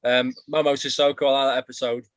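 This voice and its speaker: Male interviewer, mid pitch, dry close sound, casual. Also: little pitch movement, quick pace, no echo. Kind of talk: casual chat.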